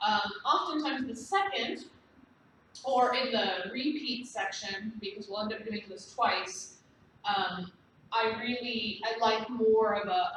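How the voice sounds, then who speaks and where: A woman with a fairly high voice gently walks students through a belly dance routine, explaining each move and counting out the steps. She sounds set back from the mic, in a room full of bouncing echo. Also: slow pace, slight background noise. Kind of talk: dance lesson instruction. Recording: very echoey room, distant mic.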